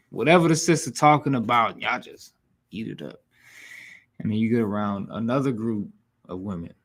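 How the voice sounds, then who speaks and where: A man's voice: medium pitch, expressive, normal speed, gravelly, long pauses. A man teaching a scripture class in a blunt, scolding, profane way. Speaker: class instructor. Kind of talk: preaching scripture lesson.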